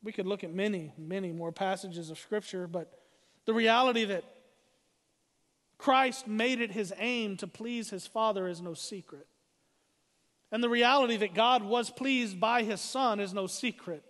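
A man preaching a sermon as pastor, emphatic and slowing down to read scripture. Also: high-pitched, a bit bright, long reverb tail.

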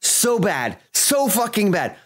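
A man hosting a gaming channel, ranting and swearing through his gameplay commentary, swinging between shouting and muttering. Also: sits high, big pitch swings, slow, breathy edge.

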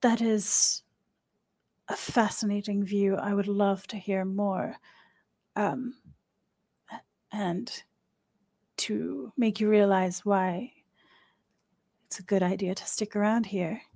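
A woman's voice: mid-range voice, steady tone, slow pace, pauses often, warm tone, no echo, clean studio sound. A woman voicing a flustered male dragon disguised as a human baker, fussy and overeager as he fusses over his guests in a tabletop game. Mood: smooth. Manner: fussy, chatty, overeager host.

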